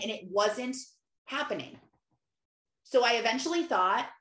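A woman with a fairly high voice talks through prayer in an earnest, conversational way, slipping into her own prayers as examples. The sound is roomy, with a clear echo around her. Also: expressive, measured pace, long pauses, fairly bright tone. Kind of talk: faith-based teaching talk.

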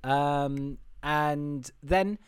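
A man's voice: a little high, very slow, clear, resonant tone, no room sound, studio quality. A man hosting a casual chat about a film, talking in a rambling, joking way with lots of fillers. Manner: rambling, with many fillers, swears and laughs. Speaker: podcast host.

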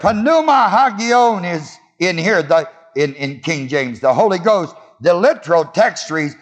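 Animated preacher in a reverberant hall. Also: male voice, a little high, unhurried, few pauses. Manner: call-and-response questions to the congregation. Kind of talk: sermon.

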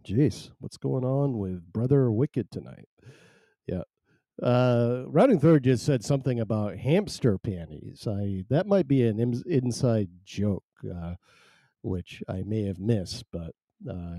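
A man hosts a loose live talk show in an unhurried, mellow voice. He rambles and jokes at his own expense, close on a dry mic with no room sound. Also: mid-range voice, lively intonation, no room sound. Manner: rambling, jokey, self-mocking. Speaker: host.

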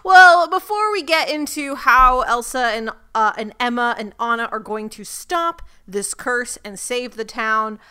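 A woman co-hosting a casual recap podcast who lays out her points with plenty of asides. Her voice sits a bit high, with a bright, smooth, clear tone. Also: measured pace, hardly any pauses. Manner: talkative, explains with asides. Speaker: podcast co-host.

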